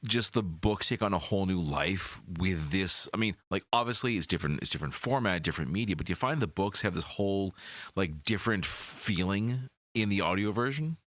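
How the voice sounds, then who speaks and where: Low-voiced guy interviewing, bouncy pitch, jokey, dry close mic. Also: lively intonation, a little fast, fairly bright tone, no echo. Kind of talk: casual interview talk.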